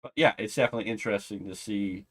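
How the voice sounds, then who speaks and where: A man reviewing a wrestling show in casual commentary, ranting with exasperation and sarcastic asides, loud one moment and muttering the next. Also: lowish voice, rapid-fire.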